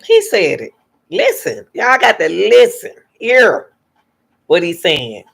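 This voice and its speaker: A woman's voice: on the low side, huge pitch swings, slow, creaky, a bit bright, slightly rough. A woman hosting a reaction channel, giving emphatic commentary and repeating her points to her viewers.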